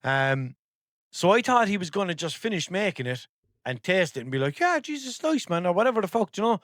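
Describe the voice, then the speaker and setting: A man's voice: sits high, expressive, fairly quick, a bit bright, no echo, studio quality. An Irish man hosting a podcast in casual chat, rambling and sweary and easily exasperated. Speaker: podcast host.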